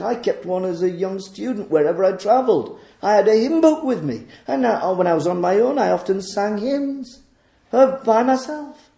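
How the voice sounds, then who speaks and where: A man's voice: sits high, dark tone, roomy sound. A man preaching a sermon in a church, fervent and emphatic as he exhorts the congregation.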